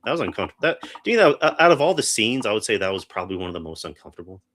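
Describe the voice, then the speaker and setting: A man's voice: fairly low pitch, sing-song, racing, a bit bright. A man co-hosting a podcast, chatting casually through a movie review, rambling with restarts. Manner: rambling, full of restarts and acted-out quotes. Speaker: podcast co-host.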